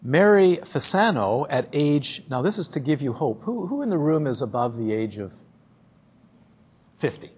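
A man's voice: a little high, big pitch swings, moderate pace, husky. A man who teaches dharma, giving a talk to a group in a chatty storytelling way, often repeating and restarting his words.

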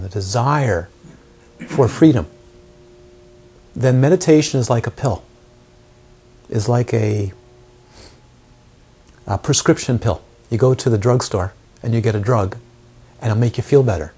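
Husky-voiced man giving a dharma talk. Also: mid-range voice, warm tone. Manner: repeated rhetorical questions to listeners. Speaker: meditation teacher.

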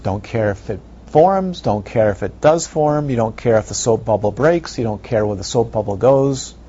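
A meditation teacher gives a dharma talk, repeating phrases and posing playful rhetorical questions, captured on a dull lo-fi recording with faint hiss. His mid-range voice is mellow and animated at a moderate pace.

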